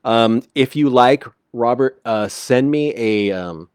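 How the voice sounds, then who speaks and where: In clean studio sound without echo, a man of medium pitch speaks slowly and smoothly while hosting a live local call-in show from a home computer. Casual and stammering, he relies on fillers and restarts as he passes along listener comments and shout-outs.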